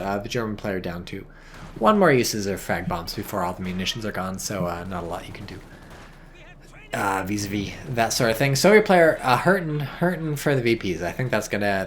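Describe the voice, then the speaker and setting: A man giving casual, rambling game commentary full of swearing, tired and a bit drunk, with sudden bursts of excitement. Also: lowish voice, brisk, slight background noise.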